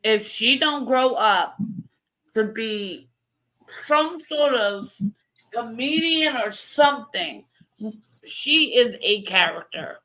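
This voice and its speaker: Brief: woman on a live-stream chat, sharp bright voice, dry wry humor. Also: fairly high pitch, lively intonation, slow pace, rough recording. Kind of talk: casual chat. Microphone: live-stream call microphone.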